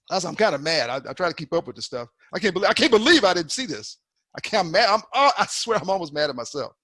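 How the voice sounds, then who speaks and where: Man, folksy lecturer, somewhat high voice, dry close sound. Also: no echo. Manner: folksy, conversational, animated, repeats himself. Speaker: eye doctor lecturer. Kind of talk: continuing education webinar lecture.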